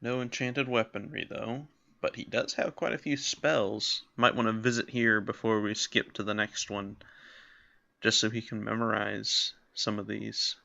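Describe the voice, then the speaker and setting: On slightly dull lo-fi audio, a man with a gravelly, pushed and bright voice on the low side speaks unhurriedly in a level tone. He's a let's play host casually musing through a role-playing game, voicing characters and adding self-deprecating remarks.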